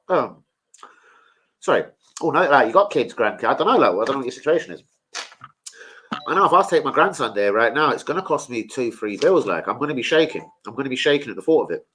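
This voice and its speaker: A middle-aged man, hosting a casual football fan livestream and bantering with viewers in a sweary, animated way. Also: medium pitch, poor audio. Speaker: football fan channel host.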